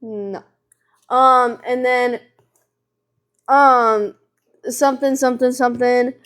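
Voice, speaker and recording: Chatty teenage girl, slightly high voice. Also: takes it slowly. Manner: chatty, animated storytelling with filler words. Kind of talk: casual chat on a livestream.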